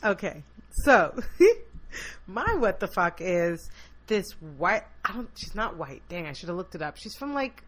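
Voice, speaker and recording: A woman co-hosting a podcast, telling stories in casual, profane, animated chat. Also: on the low side, unhurried. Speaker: podcast co-host.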